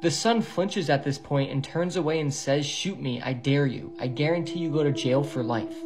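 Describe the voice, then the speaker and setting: A man recounting a viral video step by step in a steady, matter-of-fact way. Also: a little high, moderate pace, over music. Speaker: video narrator.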